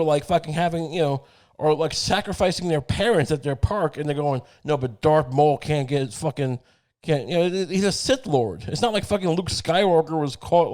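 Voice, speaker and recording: A man's voice: a little high, a little mellow. A man hosting a podcast, rambling through a sarcastic, profane comedic monologue. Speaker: podcast host.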